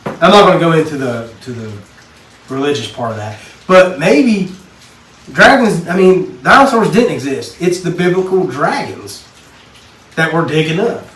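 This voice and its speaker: A man from Texas, co-hosting a casual podcast chat and telling animated stories. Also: a little high, normal speed. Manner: storytelling, animated. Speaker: podcast co-host. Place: basement. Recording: echoey room, mic at a distance, faint noise.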